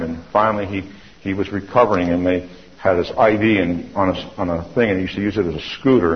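A middle-aged man giving a testimony sermon, an earnest storyteller who often restarts and repeats himself. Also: sits low. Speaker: church speaker giving testimony. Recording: dull lo-fi recording.

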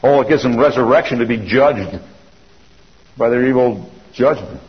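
A middle-aged church speaker with a medium-pitched voice and moderate pace delivers a testimony sermon. He narrates earnestly, often restarting and repeating himself, on a dull lo-fi recording.

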